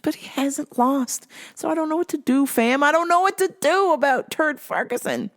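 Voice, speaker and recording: A woman's voice: high-pitched, normal speed. Exasperated woman ranting as show host. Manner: animated, exasperated, swears freely. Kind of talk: casual ranting commentary.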